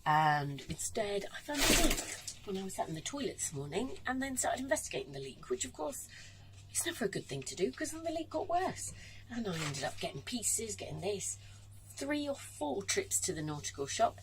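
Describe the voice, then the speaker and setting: A woman's voice: medium pitch, noisy background. A tired woman chatting casually in a self-deprecating way for her vlog, talking from a sailboat. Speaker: vlogger. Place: on a sailboat during a storm.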